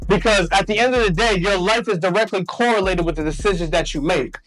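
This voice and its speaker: A man's voice: sits high, fast, a bit bright, faint music behind. A man speaking to a live audience at a hotel event, hyping the crowd with call-and-response. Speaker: motivational speaker. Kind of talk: energetic stage talk.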